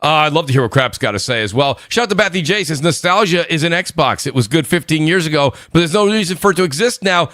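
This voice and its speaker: Loud fast-talking New York man. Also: on the high side, clear, resonant tone, dry recording. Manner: loud, hyped shout-outs. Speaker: podcast host. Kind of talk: live gaming podcast chat.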